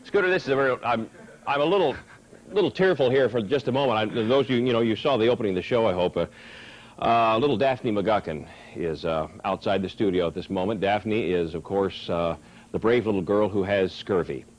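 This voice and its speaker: A man's voice: fairly low pitch, brisk, muffled recording. A man hosting a parody talk show in a hammy, folksy way, stumbling over his words.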